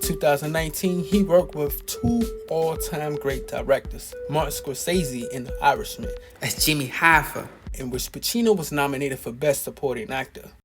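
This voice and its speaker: A man's voice: a little high, moderate pace, few pauses. A man narrating a tribute video in an earnest, admiring scripted way. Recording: narration over loud music.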